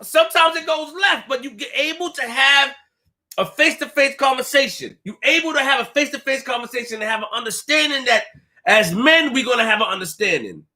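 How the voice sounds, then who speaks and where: Animated bright-voiced man ranting. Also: very high-pitched, brisk. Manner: animated, repetitive, street slang, swings from quiet to loud. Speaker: streamer talking to his audience. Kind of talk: casual live-stream rant.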